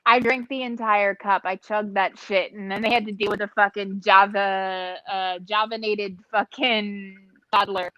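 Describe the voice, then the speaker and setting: A woman's voice: mid-range voice, steady tone, a little slow, pushed and bright, no room sound, highs cut off. A woman in casual chat, telling stories and swearing freely.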